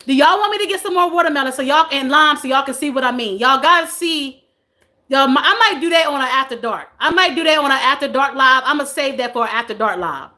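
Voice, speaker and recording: A woman's voice: high voice, animated, fast, sharp tone. A woman in her forties hosting a casual live stream, chatting playfully with viewers, reading their comments, and laughing often. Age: 40s.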